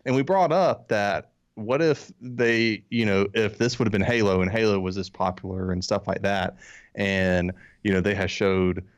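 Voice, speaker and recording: A man's voice: lowish voice, steady tone, moderate pace. A man co-hosting a podcast, talking bluntly and a bit sarcastically in casual chat. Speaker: podcast co-host.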